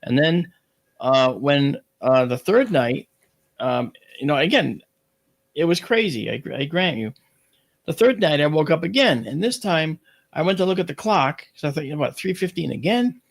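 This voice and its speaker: Gravelly man telling a story. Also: a little high, normal speed. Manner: lively, rambling delivery with many fillers and restarts. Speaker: radio show guest. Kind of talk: animated personal storytelling.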